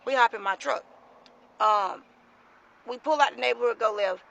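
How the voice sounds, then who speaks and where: A woman telling a story to her phone camera in a casual, animated, profane way. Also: a little high, normal speed, vocal fry, highs cut off. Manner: animated, profane, dramatic retelling.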